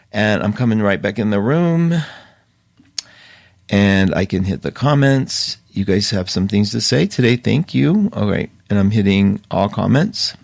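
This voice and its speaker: A man's voice: mid-range voice, vocal fry, no room sound. Male host, casual and rambling, laughs a lot, dry close sound, mid-range voice. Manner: chatty, rambling, laughs often. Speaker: astrology show host. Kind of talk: casual live-stream talk.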